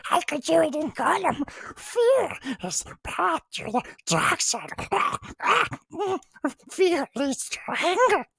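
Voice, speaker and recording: A man voicing a tiny ancient alien sage in a slow, drawn-out, high croaky delivery. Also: sing-song, fairly bright tone, dry recording, clean studio sound, heavily acted. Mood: solemn.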